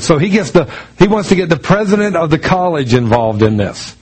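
Conversational preacher telling a story. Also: male voice, on the high side, animated, fairly quick, a little mellow, rough recording. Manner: conversational storytelling with many restarts; acts out quoted voices in dialogue. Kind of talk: sermon with personal story.

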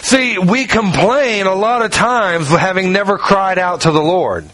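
Speaking a little slowly in a slightly bright voice, a male pastor preaches, recounting a personal story folksily, acting out what others said, and reading scripture. He drops low whenever he makes an aside. The recording is dry and low in quality.

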